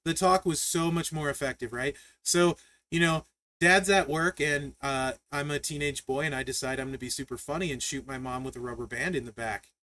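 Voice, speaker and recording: A man hosts a live stream and tells stories in a lively, chatty way, laughing often. His voice sits a little higher than most men's. He talks through a desk mic. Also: brisk. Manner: animated storyteller, laughs often, reads chat aloud. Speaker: livestream host. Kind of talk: casual livestream chat.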